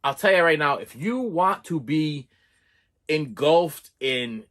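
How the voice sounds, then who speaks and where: A man's voice: a little high, slow pace, very noisy. A man reviewing a movie in a casual, exasperated rant, full of repeats and restarts. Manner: animated, exasperated, repeats himself.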